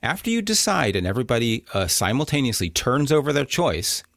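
A man's voice: mid-range voice, sing-song, fairly quick, gravelly, fairly bright tone, no echo, studio quality. A man co-hosting a podcast, explaining a board game in casual chat and chuckling at his own slips. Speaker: podcast co-host.

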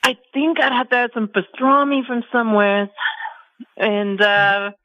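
A woman's voice: on the high side, no room sound, lo-fi sound, lightly acted. A woman putting on a Brooklyn accent as a hungry woman dreaming of food, drawing out her words. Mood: longing. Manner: drawn-out, savoring, slow.

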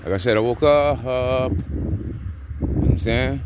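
A man hosting a casual podcast, talking in slang, repeating catchphrases and getting loud and excited. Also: mid-range voice, unhurried, very noisy. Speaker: podcast host. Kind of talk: casual hyped-up podcast monologue.

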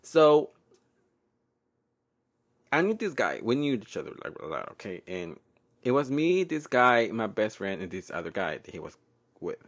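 A man's voice: fairly low pitch, big pitch swings, normal speed, pauses often, a bit bright. A young man hosting a casual solo podcast from home, rambling and profane, laughing often and slipping Spanish words in. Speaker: podcast host.

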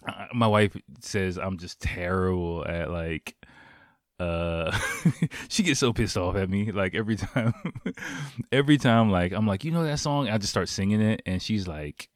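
Low-voiced profane rambling podcaster man. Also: measured pace, dry recording, clean studio sound. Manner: rambling, profane, laughs often. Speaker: podcast host. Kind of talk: casual solo podcast chat.

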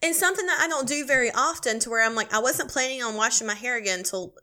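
A woman co-hosting a podcast, chatting casually and telling an animated, swearing, laughing story. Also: on the high side, fast talker. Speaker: podcast co-host. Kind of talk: casual chat.

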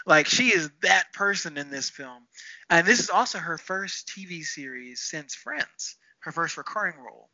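A man with a strikingly bright, sharp voice talks through a TV show in an easy, animated podcast chat, laughing often. The sound is dry and close but a bit dull and lo-fi, and his voice sits slightly high. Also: moderate pace, no echo. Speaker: podcast co-host. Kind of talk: casual TV review chat.

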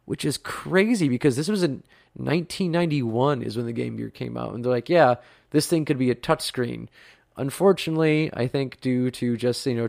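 A man's voice: medium pitch, gravelly, no room sound, clean studio sound. A man in his thirties from the United States, hosting a podcast in a chatty, rambling way with lots of fillers. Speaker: podcast host. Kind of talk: casual podcast talk.

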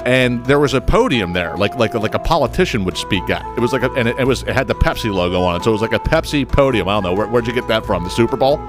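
Podcast host, male, profane and animated storyteller, average pitch, music behind him. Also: quick pace, few pauses. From United States. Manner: profane, animated, stammering restarts. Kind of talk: comedic storytelling monologue.

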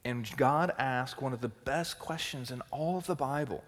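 A man's voice: mid-range voice, normal speed. Man preaching in a reverberant hall. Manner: swings from loud emphatic outbursts to quiet intensity. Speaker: teaching pastor. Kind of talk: sermon.

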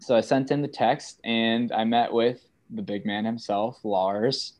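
A young man in his twenties, a student guest in a casual chat, telling stories with animated put-on voices for quotes. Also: medium pitch, unhurried, hardly any pauses. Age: 20s.

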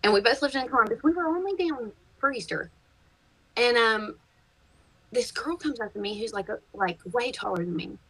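A woman, a podcast guest, chatting casually and telling lively stories, swearing freely and laughing as she goes. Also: on the high side, moderate pace, breathy edge, dry recording, low-quality recording. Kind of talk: casual chat, storytelling.

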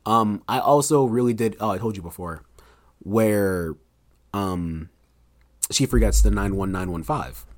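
A man's voice: fairly low pitch, a little slow, no room sound, clean studio sound. A young man, a book's author, chatting casually as a podcast guest and acting out scenes from his story.

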